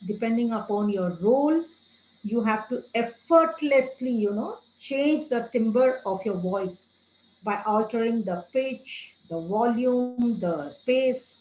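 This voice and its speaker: Woman trainer, slightly high voice, lecture delivery with stressed words, echoey room. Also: lively intonation, slow, a little mellow. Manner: addresses listeners as friends, gives tips.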